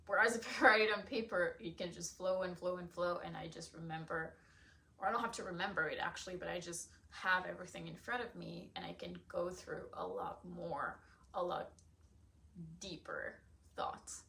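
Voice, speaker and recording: Chatty young woman with a gravelly edge. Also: lowish voice, fairly even intonation, moderate pace, pushed and bright. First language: not English. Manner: chatty, encouraging, laughs often. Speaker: podcast host and nutrition coach. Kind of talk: casual solo podcast.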